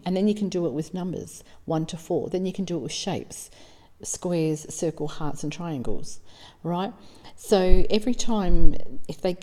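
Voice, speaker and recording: Heard in a big room, a warm, low-pitched woman's voice belongs to a middle-aged Australian psychic medium from South Australia. She relates stories in an earnest, emotional, casual way, performing bits of the conversations.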